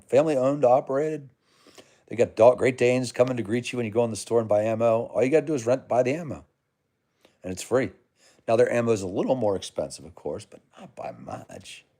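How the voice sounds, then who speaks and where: With a warm tone and a voice on the low side, this American livestream host chats casually with his audience and reads their comments. He rambles in a friendly way, addressing people as brother and man.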